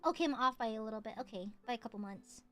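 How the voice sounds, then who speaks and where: A woman's voice: on the high side, very fast, pushed and bright, faint music behind. A young woman streamer chatting casually into her mic, giggling often and swearing freely. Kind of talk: casual chat.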